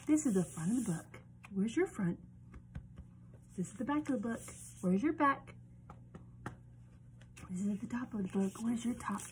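A young woman reads a picture book aloud to children in a lively, swooping voice, unhurried and often sinking to a hush. Her voice sits a bit high and dances up and down. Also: a little hiss or hum. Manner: animated, drops into whispers often. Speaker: storyteller.

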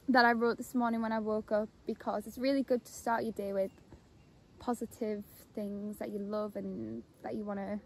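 This outdoor phone vlog comes from a young woman by a pond in abbey grounds, her high-leaning voice full of dreamy delight and frequent laughter. The audio is poor.

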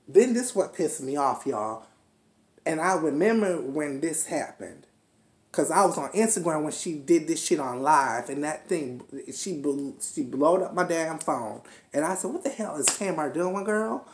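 A woman in her twenties rants through a TV recap, brash and profane, hammering her points again and again. Her voice sits low for a woman. The room around her is echoey. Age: 20s. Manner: brash, profane, animated ranting with repeated jabs. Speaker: reality show recap host. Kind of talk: ranting commentary on a TV episode.

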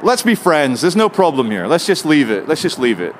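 A man with a high, lively voice argues cheekily and stubbornly with security guards while filming outdoors. His pitch swings widely as he talks. Faint street noise sits behind him. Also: brisk. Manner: cheeky, argumentative, animated. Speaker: street filmmaker. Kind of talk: confrontational street chat. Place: outdoors in a city plaza.

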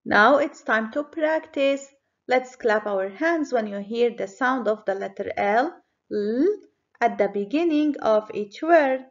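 A woman teacher giving a children's phonics lesson, speaking clearly and encouragingly. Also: fairly high pitch, expressive, muffled recording. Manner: slow, clear, encouraging classroom delivery.

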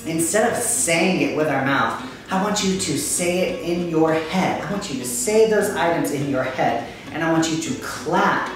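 Encouraging woman teaching kindergarten music. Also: low voice. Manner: upbeat and encouraging, chants words to a steady beat. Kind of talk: children's lesson, call and response. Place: kitchen. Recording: echoey room, mic far off.

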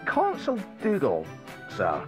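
An actor playing a timid, slow-witted male soldier in a video game, hesitant and apologetic. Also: mid-range voice, wildly swooping pitch. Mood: nervous. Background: faint game music.

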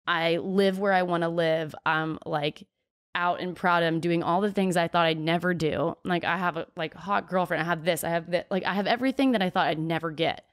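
A young woman in her twenties, a podcast guest, telling stories in a candid, chatty way with lots of "like" and quick laughs. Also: fairly low pitch. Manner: chatty storyteller, heavy use of "like", frequent laughs.

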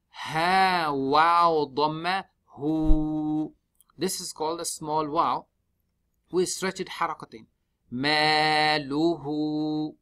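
Bright-voiced man teaching Quran recitation. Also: a little high. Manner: slow, drawn-out chanting when reciting; spells out letters and vowels one by one. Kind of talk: step-by-step tajweed lesson. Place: mosque.

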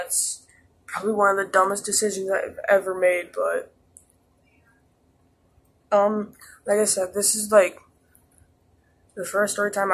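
A man's voice: high-pitched, fairly bright tone, slightly rough. A teenage boy vlogging a casual storytime, rambling with lots of "like" and restarts. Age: teens. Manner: rambling, heavy use of "like" and restarts.

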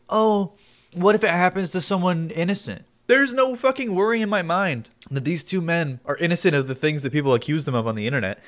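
A man's voice: on the high side, a bit bright. A man streaming live and reacting to a video in casual commentary, sarcastic and blunt, swearing freely.

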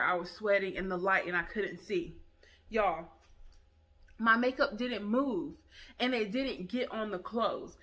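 A woman's voice: a little high, sharp tone. A woman hosting a casual product review vlog, chatty and enthusiastic, talking straight to her viewers.

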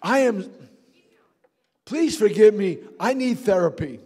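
Preacher, male, high voice, fervent shouting sermon in a church. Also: animated, slightly rough. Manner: fervent, shouting, quick asides to the congregation. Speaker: pastor.

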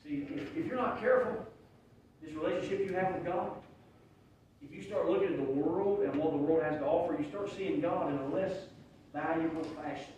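A man with a fairly high, brisk, slightly mellow voice preaches a heartfelt sermon as pastor in a church sanctuary, earnest and emotional, often restarting his sentences. The room is very echoey, the mic sits at a distance, and there's a little hiss or hum.

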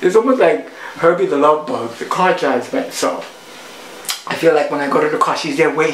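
A woman's voice: deep voice, fairly quick, reverberant, poor audio. A woman, a cooking show host, telling a playful story in a casual vlog monologue. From Puerto Rico.

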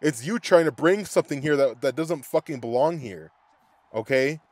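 A man's voice: on the high side, moderate pace, a little mellow, no echo. A young man giving a profane, scatterbrained fan rant, angry and swearing constantly. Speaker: sports fan podcaster.

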